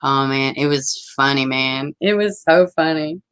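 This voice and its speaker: A woman with a low, deep voice, chatting on her own livestream. She tells a wild story with lots of swearing and laughter, and reads out viewer comments along the way. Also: measured pace, smooth, rough recording. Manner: animated, profane, laughing often. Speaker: livestream host. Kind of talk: casual storytelling and chat.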